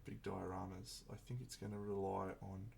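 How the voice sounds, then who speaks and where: Gravelly man musing on a live stream. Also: sits low, steady tone, normal speed, darkish tone, a little hiss or hum. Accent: Australian. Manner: reflective, rambling, frequent restarts. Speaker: streamer painting miniatures. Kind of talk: casual live-stream chat.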